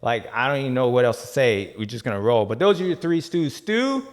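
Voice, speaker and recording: A man hosting a casual podcast recap, joking around in slangy talk with loud bursts and low asides. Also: sing-song, a little fast, long reverb tail. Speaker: podcast host. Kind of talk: casual race recap chat.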